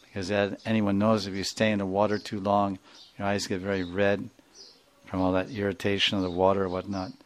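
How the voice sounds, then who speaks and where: A man's voice: fairly low pitch, completely flat delivery, a little fast. A man giving a sermon, telling a devotional story and explaining its terms. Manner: explains terms, laughs, acts out figures.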